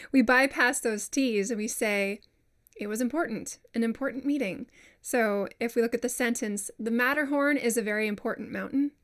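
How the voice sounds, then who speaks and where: A woman voiceover coach giving a casual lesson, chatty and self-deprecating, who says example words aloud to demonstrate them. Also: on the high side. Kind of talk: casual instructional talk.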